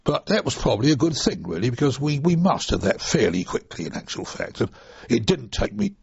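Gravelly, husky older man. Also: mid-range voice, sing-song, brisk, no room sound. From United Kingdom. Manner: chatty, rambling, chuckling asides. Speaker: interviewee, former RAF trainee pilot. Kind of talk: reminiscing oral history interview. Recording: dull lo-fi dry recording.

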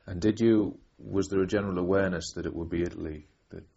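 A man's voice: sits low, fairly even intonation, fast talker, gravelly, mellow, slightly rough. A man interviewing a veteran, asking polite, hesitant questions. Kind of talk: oral history interview. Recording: dull tape with faint hiss.

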